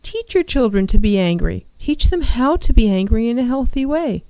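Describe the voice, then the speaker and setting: Middle-aged woman counselor hosting a talk show; earnest advice, mellow tone, dry close sound. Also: fairly high pitch, very animated, normal speed, no echo. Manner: earnest, advising, acts out clients' voices.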